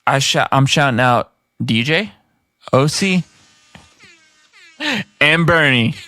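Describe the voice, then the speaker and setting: A man guest on a casual podcast, talking in a laid-back way, swearing freely and repeating himself as he shouts out his music scene. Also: mid-range voice, takes it slowly, dry recording.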